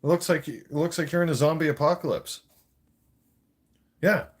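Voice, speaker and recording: A livestreaming man from Canada launches into a blunt, casual rant full of swearing. His voice is fairly high, his pace moderate, and the background is noisy.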